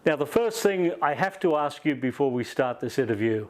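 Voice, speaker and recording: A man's voice: medium pitch, lively intonation, normal speed, close to an everyday voice. A man imitating a polite, formal English man with a Liverpool accent speaking on a phone call. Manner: formal, courteous.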